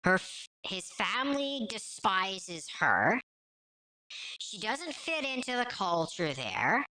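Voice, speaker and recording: A woman's voice: medium pitch, very animated, slow, sharp tone, poor audio. A woman giving blunt, scornful commentary while reacting to clips.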